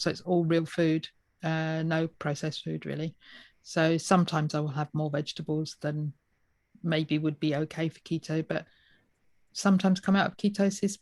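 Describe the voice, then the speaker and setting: A middle-aged woman answers in a relaxed, matter-of-fact way. Her voice sits a little low. The recording is dry and close. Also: no room sound. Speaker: podcast co-host, guest. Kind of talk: casual interview chat.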